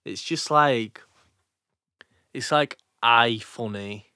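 A man's voice: medium pitch, drawn-out words, clear, resonant tone, dry recording, studio quality. A young man, chatting casually on a podcast, swearing and ranting in mock outrage. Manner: swearing, animated rants, mocking quotes. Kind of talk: casual chat.

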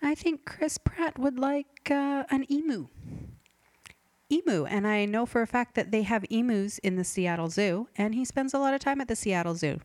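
Rambling deadpan woman podcast host. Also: fairly high pitch, normal speed, dry recording. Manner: rambling, self-interrupting, forgetful. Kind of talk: deadpan comedic podcast monologue.

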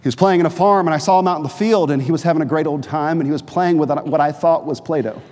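A man from New Hampshire preaching a sermon, telling stories and jokes, then dropping low and earnest. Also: quick pace, in a large hall. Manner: animated storytelling preacher, shifts from jokey to low and earnest. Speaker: pastor.

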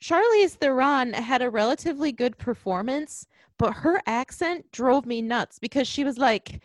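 A woman's voice: high-pitched, lively intonation, moderate pace, no room sound. A woman chatting casually about a movie she disliked, blunt and sarcastic, often laughing at it. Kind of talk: casual movie review chat.

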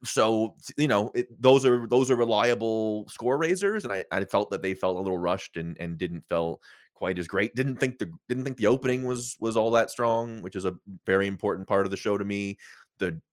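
A man's voice: lowish voice, normal speed, dry recording, clean studio sound. A man co-hosting a casual livestream review chat, thinking aloud and often repeating words as he hesitates. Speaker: co-host.

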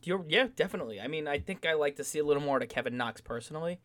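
Casual sports co-host, New man, animated, a touch high-voiced. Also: very fast. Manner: animated, mocks fans in sing-song asides.

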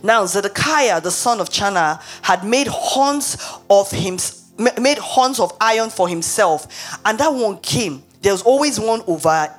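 A woman preacher giving a sermon, retelling scripture in an animated, emphatic way. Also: medium pitch, measured pace, soft background music.

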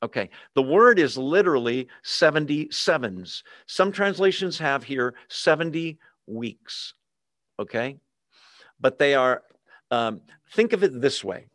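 A man's voice: mid-range voice, animated, a little slow, fairly bright tone, no room sound, clean studio sound. A pastor preaching a conversational sermon to a live and online congregation, often asking his listeners questions.

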